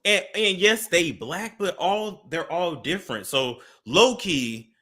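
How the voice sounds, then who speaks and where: Male guest, lively pitch swings, bright voice, joking storyteller. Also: slow. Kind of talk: casual celebrity gossip chat.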